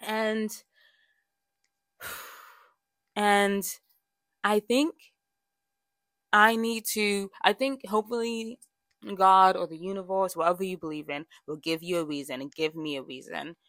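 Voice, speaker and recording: A woman's voice: mid-range voice, steady tone, slow, pauses often, fairly bright tone, no room sound. A young woman hosting a podcast, talking candidly in a casual monologue, with lots of fillers and restarts. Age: young adult. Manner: chatty and candid, with frequent fillers and self-corrections. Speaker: podcast host.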